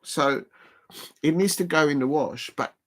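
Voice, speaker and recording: A man's voice: fairly high pitch, measured pace, a bit bright. A man hosting a casual live stream watch-along, rambling and chuckling as he chats to viewers.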